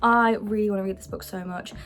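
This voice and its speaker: A young woman chatting casually about her books, excitable, with the odd hushed aside. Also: mid-range voice, fast talker. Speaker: book vlogger. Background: faint background music.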